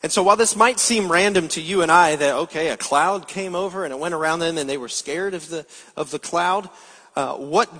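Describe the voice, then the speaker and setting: Male pastor, sermon, fairly high voice, long hall echo, explanatory, rhetorical questions. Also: a bit bright.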